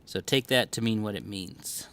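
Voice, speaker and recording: A man's voice: lowish voice, moderate pace, fairly bright tone, no room sound. A young man co-hosting a casual podcast recorded in a record store, laid-back, swearing freely and often laughing. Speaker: podcast co-host. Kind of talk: casual chat.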